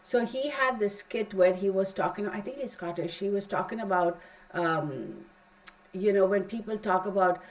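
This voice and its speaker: Middle-aged woman tarot reader, mid-pitched, talky and rambling, firm advice. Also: moderate pace, rough recording. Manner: chatty and rambling, emphatic asides. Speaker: tarot reader teaching a class. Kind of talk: casual spoken class.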